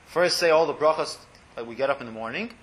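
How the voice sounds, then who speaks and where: A man leads a small religious class, stepping through blessings and translating each one. His voice is bright and a little higher than most men's, and he often sinks into a soft, trailing murmur as he explains. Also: fast. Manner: explanatory, translating Hebrew phrases line by line, often trails off quietly. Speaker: Torah class teacher.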